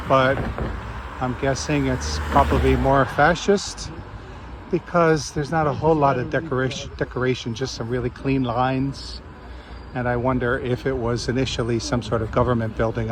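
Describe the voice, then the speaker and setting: A man vlogging casually while walking outdoors along a city promenade, thinking aloud as he goes. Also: mid-range voice. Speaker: travel vlogger. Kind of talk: casual walking travel vlog. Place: outdoors on a city seaside street. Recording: outdoor street noise and traffic.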